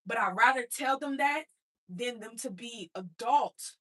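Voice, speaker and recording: A woman's voice: fairly high pitch, unhurried, sharp tone. An adult woman and mother telling her own story in a blunt, streetwise motivational talk, speaking straight to her listeners.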